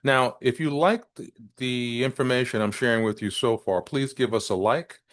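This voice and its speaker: A man teaching business English, speaking deliberately and stressing key words to demonstrate intonation. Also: mid-range voice. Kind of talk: presenting a business English lesson.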